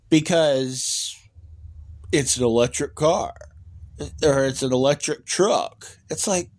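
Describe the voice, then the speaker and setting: A man talking casually about electric cars in an opinionated, rambling way, with many fillers and restarts and emphatic outbursts. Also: mid-range voice. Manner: animated, emphatic rants. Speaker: EV news vlogger.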